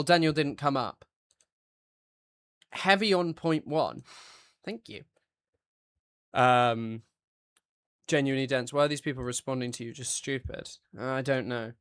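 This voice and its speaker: A man's voice: mid-range voice, a bit bright, no echo, studio quality. A man streaming live, reading out viewer chat and answering it in an offhand, blunt way. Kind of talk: casual livestream chat.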